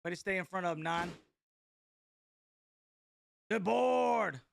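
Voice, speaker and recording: A young man from North Carolina hosting a live basketball watch party, reacting to the game in a casual, excitable way and reading viewer comments aloud. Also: high-pitched, very fast, slight background noise. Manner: excitable, slangy, chatty, reads chat aloud. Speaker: sports watch-party host.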